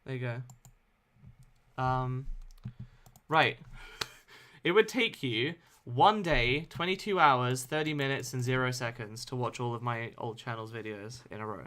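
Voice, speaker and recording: A man chats loosely while hosting a game stream, laughing often between remarks. His voice is bright and forward, at a middle pitch, close to a desk microphone. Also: unhurried. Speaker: streamer host. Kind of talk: casual chat on a game stream.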